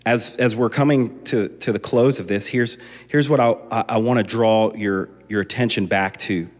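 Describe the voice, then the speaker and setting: In a large hall with long reverb, a man preaches a sermon as a pastor. His lowish voice moves at a normal pace with fairly even intonation, and he talks conversationally, restarting frequently before building to impassioned emphasis.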